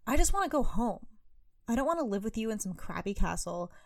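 A woman voicing a brash young female student who swears and panics, in a mellow, dry read. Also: fairly high pitch, big pitch swings, a little fast, no echo. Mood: pleading. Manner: exasperated, swearing.

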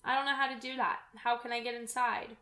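A woman's voice: fairly high pitch, little pitch movement, brisk, bright, forceful tone. A woman voicing a clever, brave little girl in a read-aloud fairy tale, recorded with room echo. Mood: pleading.

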